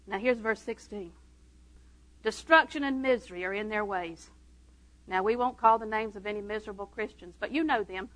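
A woman delivers a sermon in a high, bright, tense voice. She tells stories with a humorous, conversational touch. She drops to quiet asides, then rises to loud proclamation. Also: low-quality recording. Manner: storytelling, swings between hushed asides and loud proclaiming. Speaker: preacher.

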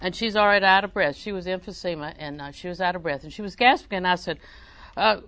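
A woman's voice: fairly low pitch, fast talker, fairly bright tone, no room sound. A woman preaching a sermon, reading scripture aloud and telling folksy family stories.

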